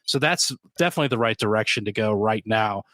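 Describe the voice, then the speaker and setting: Fast and expressive, a man with a lowish voice co-hosts a beer podcast in a casual chat. The dry recording gives his tone a fairly bright quality, and his talk rambles along with many fillers, ums, and restarts.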